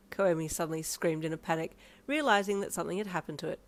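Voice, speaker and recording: A woman narrating a second-person fan fiction story in a soft, even storytelling manner. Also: low-pitched, fairly quick, hardly any pauses.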